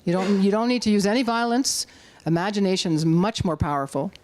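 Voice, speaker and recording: A middle-aged woman with a Canadian accent speaks to a live audience, urging and rallying them in an animated way. Her voice sits in a middling register and jumps high when she acts out what others said. The sound is close and dry, with little room echo. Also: brisk. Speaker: activist speaker. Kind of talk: public talk to an audience. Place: community hall talk.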